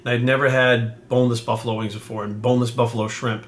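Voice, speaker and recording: A man's voice: mid-range voice, little pitch movement, fast talker. Profane, rambling bodybuilding coach, a man. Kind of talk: casual storytelling to camera.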